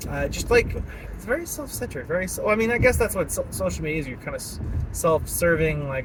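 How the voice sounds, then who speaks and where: Animated young man ranting in his car. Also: sits high, a little fast. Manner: animated, laughing often, puts on silly voices. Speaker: vlogger. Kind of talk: casual rant while driving. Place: in a car at a stoplight. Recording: car and traffic noise behind.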